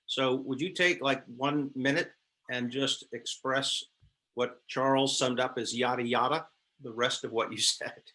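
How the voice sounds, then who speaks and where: A man moderating a men's group on a video call, relaxed as he reads a note aloud. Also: mid-range voice, a little slow.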